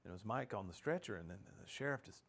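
A man's voice: lowish voice, lively intonation, quick pace, creaky, a bit bright, breathy edge. A man, a law enforcement officer, narrating events vividly in the present tense in a documentary interview.

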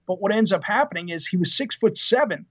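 A man in his fifties, a retired Marine officer being interviewed, telling anecdotes in a lively, casual way with fillers and laughs. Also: sits high, fast talker, slightly rough. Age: 50s. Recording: dull lo-fi podcast audio.

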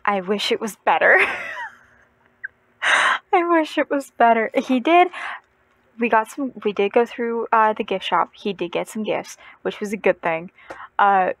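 A woman's voice: medium pitch, moderate pace, fairly bright tone, no echo, low-quality recording. Young woman vlogging, casual storytelling, rambling and self-correcting, dry close-up sound.

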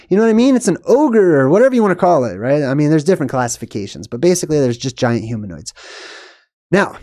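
A man's voice: fairly high pitch, big pitch swings, fairly quick, dark tone, dry recording, clean studio sound. A man hosting his own video, talking through a film in a rambling, emphatic way with frequent fillers and short laughs. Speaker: video host. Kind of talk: casual monologue.

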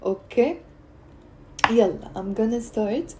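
A woman teaching Arabic live from her phone, lively and coaxing, repeating words for learners to drill. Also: fairly high pitch, slow, heavy background noise. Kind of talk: live-streamed language lesson.

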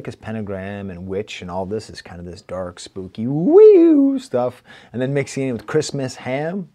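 A man with a Rochester, New York accent talks through a rap album in a loose, animated way. His voice is mellow and dark, and his pitch sits in an ordinary middle range. He recites lines and breaks down rhymes with playful energy. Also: husky. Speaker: music reviewer. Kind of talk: casual spoken album review.

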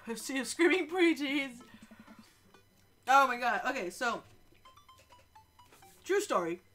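A sick, stuffed-up young woman streaming a game live, joking and swearing as she talks. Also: medium pitch. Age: young adult. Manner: animated, joking, swears a lot. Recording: faint game music behind.

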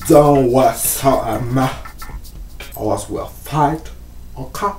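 A man putting on Claudine, a sassy loud lady. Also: medium pitch, takes it slowly, lightly acted. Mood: sassy scolding. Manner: loud, scolding, repeats "okay?". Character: sassy, bossy young woman who demands respect. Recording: echoey room, mic at a distance, faint music.

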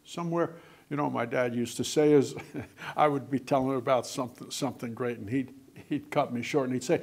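An older male author chats casually, telling anecdotes packed with quoted dialogue. His medium-pitched voice is creaky and moves at a normal speed.

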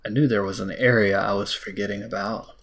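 An American man giving casual gameplay commentary, talking to the game, mocking himself and breaking into sudden high exclamations. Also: fairly even intonation, a little fast, a bit bright. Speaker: let's play host.

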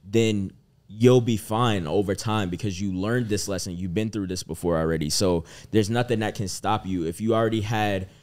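A man's voice: lowish voice, moderate pace, a little mellow. A man in his twenties, co-hosting a podcast, talking earnestly and reflectively in casual chat. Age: 20s. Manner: earnest, reflective, often asks "you feel me?". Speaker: podcast co-host.

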